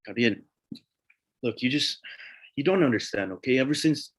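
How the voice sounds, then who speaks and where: A man playing a husky, guilt-ridden father. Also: mid-range voice, animated, normal speed, fairly bright tone. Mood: defensive. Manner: hesitant, pleading, mixes Spanish words. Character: guilt-ridden jobless father caught cheating. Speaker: stage actor. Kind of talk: live student stage drama. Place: theatre stage.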